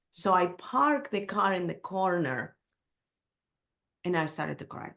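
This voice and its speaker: Middle-aged woman guest, lowish voice, candid personal storytelling with slight non-native grammar. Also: lively intonation, slow pace, gravelly, pauses often, a bit bright.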